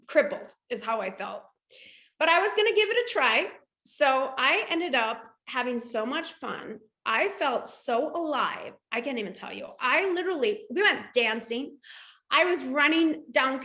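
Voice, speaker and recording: A woman in her forties tells a personal story in a casual interview. Her voice is high and bright, and she jumps into character voices for the quotes. The room is echoey. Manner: animated, acts out quotes with big pitch jumps. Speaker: guest, shoe boutique owner.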